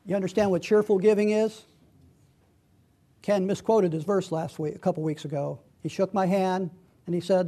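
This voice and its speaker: A middle-aged male pastor with a high-pitched voice delivers a sermon. He reads scripture aloud and leans into his points, swinging between quiet asides and loud emphasis. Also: fairly even intonation, moderate pace. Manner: preaching with rising emphasis, reading scripture aloud.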